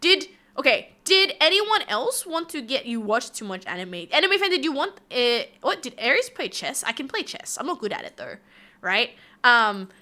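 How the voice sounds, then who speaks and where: A woman's voice: high-pitched, sing-song, normal speed, pushed and bright. A young woman VTuber chatting playfully with her stream chat while she draws. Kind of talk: casual live-stream chat.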